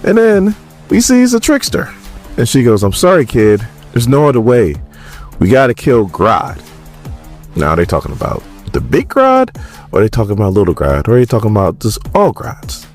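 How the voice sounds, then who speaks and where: A man casually recapping a comic book, quoting the characters in quick little voices as he goes. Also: medium pitch, huge pitch swings, darkish tone, faint music behind.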